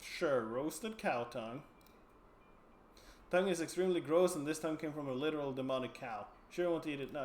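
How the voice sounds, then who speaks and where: A man streaming a game and reading its text aloud, thinking through his options in a loose, musing way. His voice sits in an ordinary middle range. The room gives it a roomy echo, with a faint hiss behind. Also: mid-range voice. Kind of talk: casual game narration and commentary.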